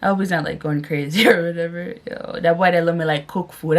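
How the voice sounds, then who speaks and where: A young woman vlogging a text prank on her boyfriend, chatting casually, giggling and reading song lyrics out slowly. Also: on the low side, steady tone, soft background music. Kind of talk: casual vlog narration.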